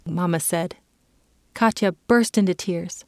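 A woman narrating a children's story in a clear, measured storytelling manner. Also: fairly low pitch, dry recording, studio quality.

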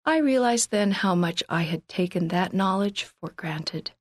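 A woman reading a first-person church magazine article aloud in a measured, earnest way. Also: mid-range voice, expressive, no echo, clean studio sound. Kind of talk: scripted first-person narration.

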